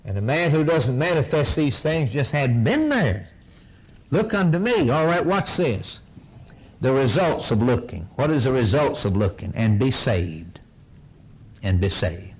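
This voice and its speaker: A man preaching a fiery sermon, repeating phrases in waves and swinging from shouts down to near whispers. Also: medium pitch, very animated, measured pace, slightly rough, poor audio.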